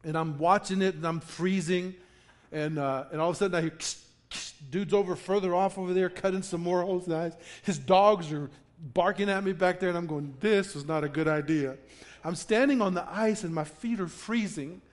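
A pastor preaching to a congregation, telling a funny story with acted-out quotes before turning to the lesson. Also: male voice, high-pitched, a little fast. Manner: animated storyteller, acts out quotes with laughter. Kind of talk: sermon with a personal story. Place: church in front of a congregation.

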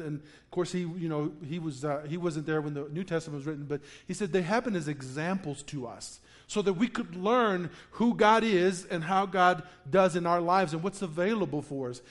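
Male pastor, high tenor, animated storyteller delivering a sermon to his church. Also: fairly quick, few pauses. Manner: animated storyteller, acts out quotes with laughter. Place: church in front of a congregation.

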